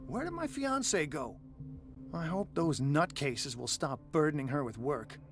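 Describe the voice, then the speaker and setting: Fretful game fiancé, voice jumps around. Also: male voice, fairly high pitch, big pitch swings, unhurried, faint music behind. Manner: worried, grumbling. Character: anxious male fiancé of a doctor.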